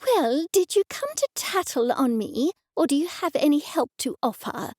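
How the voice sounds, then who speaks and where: A woman's voice: sing-song, slow, a little mellow, no room sound, studio quality, exaggerated voice. A woman voicing a prim, pious older mother who scolds and takes offence. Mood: indignant. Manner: shrill, scolding and indignant.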